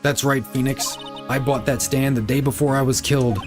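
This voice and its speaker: Calm mentor woman, read by a man. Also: mid-range voice, moderate pace, music in the background, close to an everyday voice. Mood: encouraging.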